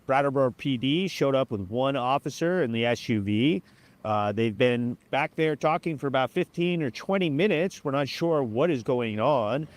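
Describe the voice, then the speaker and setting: A man reporting plainly from the scene of a local road accident, matter-of-fact. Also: mid-range voice. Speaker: citizen news reporter.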